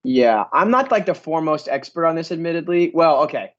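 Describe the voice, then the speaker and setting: A man with a fairly high, animated voice talks quickly while co-hosting a casual baseball watch-party stream. He rambles and peppers his chat with "like," and the audio sounds dull.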